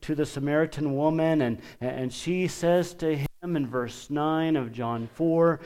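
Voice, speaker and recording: Slow, deliberate male preacher. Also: on the high side, a little mellow. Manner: deliberate, emphatic, with pauses; lifts his voice for quoted scripture. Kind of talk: sermon.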